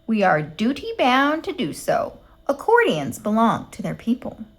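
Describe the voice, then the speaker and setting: A woman voicing an annoyingly sweet woman answering a company phone, with a too-sweet, high, chirpy manner. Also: wildly swooping pitch, unhurried, exaggerated voice. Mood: sugary.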